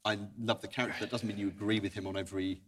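A man's voice: on the low side, little pitch movement, racing, crowd noise. A man in a casual book discussion, chiming in readily and arguing his view with animation.

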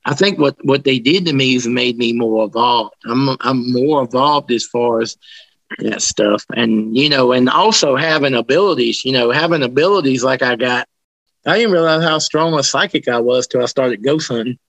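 A man telling ghost stories in an interview, rambling and restarting his sentences, animated as he tells them. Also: medium pitch, moderate pace, dry recording, lo-fi sound. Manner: rambling, with many restarts and colloquial grammar. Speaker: interviewee, paranormal investigator. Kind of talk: casual storytelling interview.

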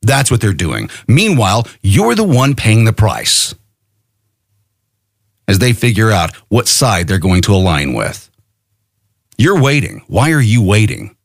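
Man, furious podcast rant, swings wildly up and down in pitch, dry close sound. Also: huge pitch swings, measured pace, gravelly, pauses often, dry recording. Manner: impassioned, profane, rhetorical questions. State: angry. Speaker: podcast host. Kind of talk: angry political monologue.

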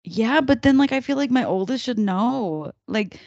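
A woman's voice: on the high side, normal speed, no echo, lo-fi sound. A young woman co-hosting a casual podcast chat, acting out her kids' lines as she tells stories. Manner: animated storyteller, acts out her kids' lines. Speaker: podcast co-host.

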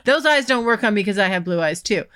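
A woman hosts a casual podcast, teasing her guest frankly and laughing often. Her voice is bright and forward, sitting at an ordinary pitch for a woman. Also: lively intonation, fast. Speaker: podcast host. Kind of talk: casual chat.

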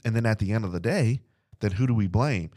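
A young man with a low voice gives an informal Bible study talk. He speaks conversationally, driving his points home by repeating them. The recording is dry and close. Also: fairly quick, a little mellow, dry recording. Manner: conversational, repetitive and emphatic, addresses "guys". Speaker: Bible study podcast host. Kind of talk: informal preaching.

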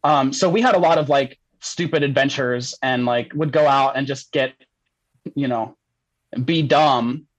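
A man's voice: mid-range voice, measured pace, dry recording, highs cut off. A young man telling a story as a podcast guest, casual and rambling, laughing often and saying "like" a lot.

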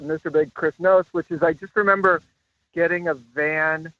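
A man guest on a podcast call, telling loose anecdotes full of fillers and laughter. His voice is on the high side. The line is thin and tinny. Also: fairly even intonation, normal speed, dry recording. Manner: rambling storyteller, laughs often, many fillers. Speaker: guest actor. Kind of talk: casual interview over a call. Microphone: phone call.

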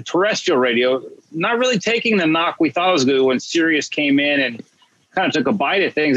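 Husky man hosting with a dull sound. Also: a little high, a bit bright, dry recording. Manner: conversational, swears casually. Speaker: podcast host. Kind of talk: casual interview chat.

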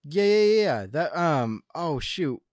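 A man's voice: fairly high pitch, very animated, takes it slowly, a little mellow, dry recording. A man co-hosting a podcast, joking and teasing in casual banter. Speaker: podcast co-host. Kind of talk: casual chat.

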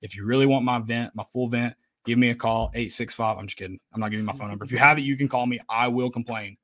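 A man's voice: mid-range voice, fairly even intonation, fast talker, fairly bright tone. A man co-hosting a casual sports podcast, venting bluntly and with emphasis about a loss. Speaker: podcast co-host.

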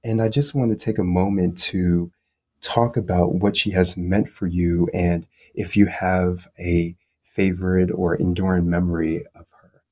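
A young man interviewing an author, speaking in a measured way with frequent filler pauses. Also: low voice, level tone, darkish tone. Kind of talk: interview questions and conversation.

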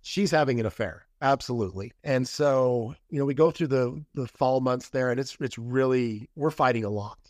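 A man's voice: mid-range voice, normal speed, hardly any pauses, darkish tone, no room sound, studio quality. A middle-aged man as a podcast guest, candidly telling a personal story in casual conversation and acting out the quoted lines. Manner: candid, acts out quoted dialogue.

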